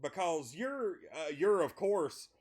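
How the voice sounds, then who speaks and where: A man hosting a casual interview over a video call, excitable and stammering often. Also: fairly high pitch, slow. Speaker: podcast host.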